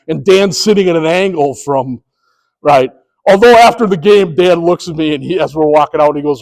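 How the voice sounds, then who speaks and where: A man with a high speaking voice trains sports officials through a lively, acted-out story. He jumps into the scenes as he tells them. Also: moderate pace, vocal fry, poor audio. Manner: animated, acts out scenes. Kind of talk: storytelling presentation.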